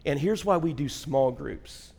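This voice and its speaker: A high-pitched man delivers a sermon from the pulpit. He works a comic story with lively, acted-out energy before turning to the message. His voice carries a long church-hall reverb. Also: measured pace, creaky, slightly rough. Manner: animated storyteller who acts out his wife's yelling. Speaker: pastor. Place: church sanctuary.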